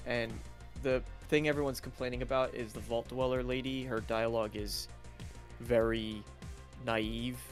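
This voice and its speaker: A man's voice: medium pitch, moderate pace, soft background music. Rambling man in casual podcast chat. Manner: rambling, restarts sentences, relaxed. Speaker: podcast co-host.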